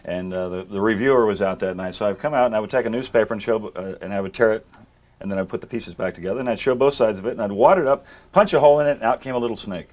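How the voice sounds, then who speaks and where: An older man spins comic stories at a brisk clip, in a chat-show interview. He slips into voices for the people he quotes and keeps the anecdotes rolling. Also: lowish voice, darkish tone. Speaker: magician guest. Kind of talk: storytelling interview.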